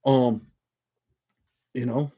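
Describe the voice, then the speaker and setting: A man's voice: medium pitch, fairly even intonation, extremely slow, warm tone, slightly rough. A middle-aged man hosting his own channel, talking to viewers in a blunt, streetwise and profane way. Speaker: YouTube channel host. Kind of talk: casual monologue to viewers.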